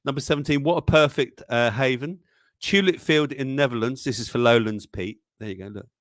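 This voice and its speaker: A fairly quick, slightly bright medium-pitched male voice hosts a casual news livestream, chatting and reading memes aloud. He chuckles often and exclaims over what he displays. The audio is studio quality with no echo.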